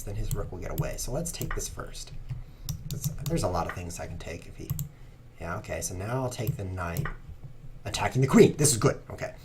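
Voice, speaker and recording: Low-voiced guy rambling n joking while he plays chess on stream, faint hiss behind. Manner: joking, rambling, playful sarcasm. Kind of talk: casual livestream commentary while playing.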